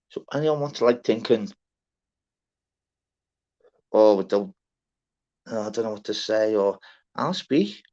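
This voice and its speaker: A man's voice: on the low side, darkish tone. Scouse man, chatty lo-fi livestream. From Liverpool, England. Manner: chatty, sweary, greets viewers by name. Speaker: livestream panel host. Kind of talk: casual live chat. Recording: dull lo-fi stream audio.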